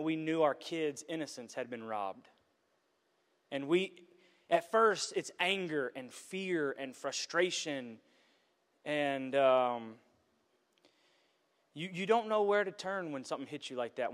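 Earnest pastor in a reverberant hall. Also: male voice, on the high side. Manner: earnest, emotional testimony with restarts. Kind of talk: sermon.

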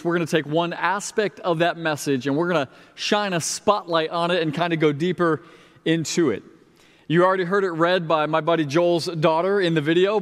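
A male pastor delivers a sermon in a relaxed, conversational way with touches of humor. His voice sits notably high for a man. The sound carries the long reverb of a large church sanctuary. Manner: conversational, lightly humorous preaching.

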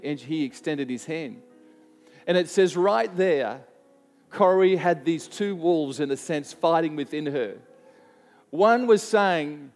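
A man's voice: a little high, lively intonation, slow pace, a little mellow, long reverb tail, soft background music. A man preaching a sermon to a church, telling a story earnestly and often restarting his sentences. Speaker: pastor.

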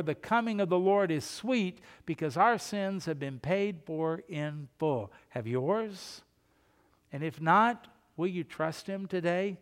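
A man preaching a sermon as pastor, earnest and urging, with sudden loud emphasis. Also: high voice, long reverb tail.

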